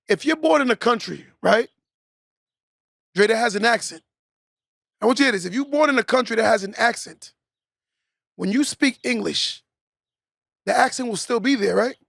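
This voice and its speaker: A man's voice: high-pitched, gravelly, slightly rough, no echo, clean studio sound. A young man hosting a podcast, delivering a preachy motivational monologue and tagging points with "right?". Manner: preachy, repeats "right?" as a tag. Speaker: podcast host.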